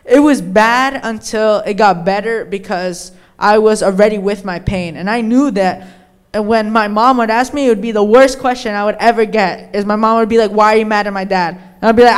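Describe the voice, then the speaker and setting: Teenage boy, smooth clear voice. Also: high-pitched, brisk. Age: teens. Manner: candid storytelling, many fillers. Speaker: son, guest. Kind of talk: casual conversation.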